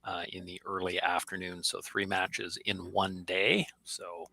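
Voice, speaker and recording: A man with a low, gravelly voice and a bright, forceful edge co-hosts a casual talk show. He packs his event announcements with details and delivers them with energy. The sound is dry and close. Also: flat delivery, unhurried, no room sound. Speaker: co-host. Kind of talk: casual chat. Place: studio.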